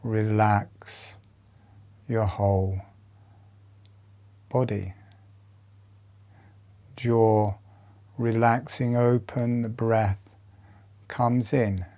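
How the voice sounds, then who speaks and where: A man leading a guided breathing meditation, giving calm instructions softly with long pauses. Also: on the low side.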